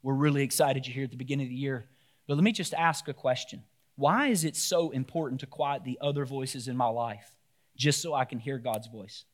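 A pastor preaching a sermon to his church, swinging between loud, animated outbursts and quiet, emphatic points. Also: mid-range voice, a little fast.

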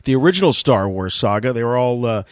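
A man's voice: medium pitch, animated, fast, dry recording, studio quality. A man co-hosting a podcast, joking and rambling with plenty of fillers. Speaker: podcast co-host. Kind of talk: casual chat.

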